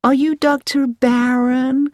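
A woman's voice: high-pitched, level tone, takes it slowly, a little mellow, dry recording, clean studio sound, voice pushed up. A woman reading the lines of a cheerful, motherly woman traveller.

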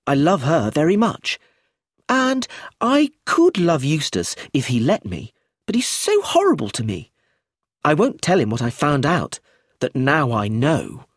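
A precocious little girl voiced by a male narrator with a raised, lively pitch and a smug, eager manner. The husky voice underneath gives her an audiobook feel. The recording is close and dry. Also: a little slow, dry recording, exaggerated voice. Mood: smug excited.

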